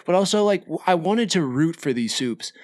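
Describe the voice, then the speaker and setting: Excitable rambling young man, dry sound. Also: fairly high pitch, normal speed, no room sound. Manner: excitable, rambling with many fillers. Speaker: podcast co-host. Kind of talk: casual chat.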